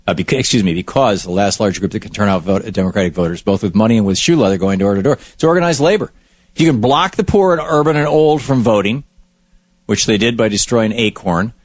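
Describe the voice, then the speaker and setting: A man's voice: lowish voice, dry recording. A man hosting a talk show who delivers political commentary in an emphatic, storytelling way. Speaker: radio talk show host.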